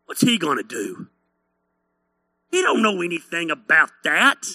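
A man's voice: on the high side, wildly swooping pitch, very slow, a little mellow, dry recording, full character voice. A man voicing a mocking backwoods critic who sneers at people building a wall.

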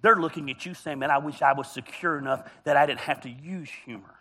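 A man's voice: on the high side, brisk, a bit bright. A man preaching a humorous, storytelling sermon as a pastor, joking and teasing his congregation. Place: church auditorium.

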